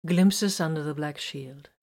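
A woman reading a story aloud in a calm, even storytelling manner. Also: deep voice, unhurried. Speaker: reader.

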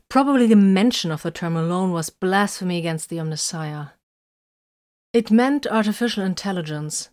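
A woman narrating a story in scripted narration, reading in a measured, even way. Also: on the low side, no room sound, studio quality.

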